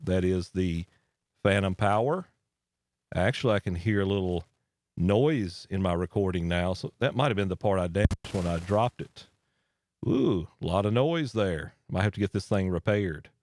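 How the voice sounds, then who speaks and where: A low-voiced man hosts an audio gear tutorial, giving a casual, hands-on equipment demo in a relaxed, folksy way with asides. He speaks at normal speed through a dynamic studio mic and voice processor, in a dry recording from a home studio with an air handler running.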